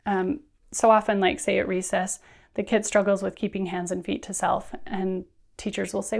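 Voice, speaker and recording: A woman teacher trainer giving friendly, brisk instructional talk, often acting out what students and teachers say. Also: mid-range voice, flat delivery, creaky. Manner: friendly, brisk, acts out classroom quotes.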